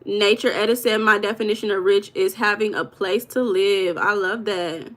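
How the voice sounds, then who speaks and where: A woman's voice: medium pitch, fairly even intonation, moderate pace. A woman hosting a live stream, chatting casually and reading viewers' comments aloud with an affectionate manner. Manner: affectionate, calls viewers baby.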